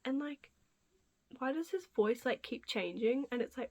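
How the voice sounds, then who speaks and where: A young woman with a high voice chats casually as a commentary vlogger. She sounds amused and incredulous and drops into whispered asides. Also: lively intonation, measured pace, darkish tone.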